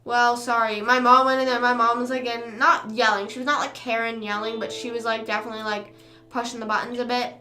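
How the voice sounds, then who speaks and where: Bright, high-voiced chatty young woman. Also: little pitch movement, fast talker, reverberant, soft background music. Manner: chatty, lots of "like", acts out quoted people. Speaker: livestream host. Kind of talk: casual storytelling chat.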